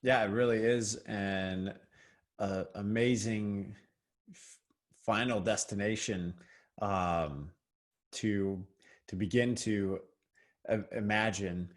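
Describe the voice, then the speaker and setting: A man co-hosting a casual church podcast, thinking aloud with many fillers and restarts. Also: on the low side. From United States. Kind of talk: casual faith discussion.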